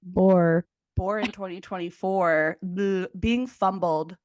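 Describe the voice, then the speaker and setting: A young woman co-hosting a podcast, chiming in with quick jokes and swearing in casual chat. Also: fairly low pitch, steady tone, a little mellow, no room sound. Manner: quick jokey interjections, swearing. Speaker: podcast co-host.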